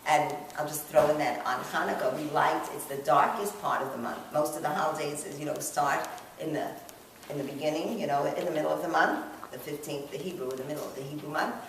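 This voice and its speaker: A woman with a low voice gives a relaxed Torah class to a group of women, talking casually and checking in with her listeners. The recording is very echoey, taken from across the room, with a faint hiss underneath. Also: fast talker, distant mic. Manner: chatty, asks the group questions, frequent "you know". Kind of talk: informal religious class talk.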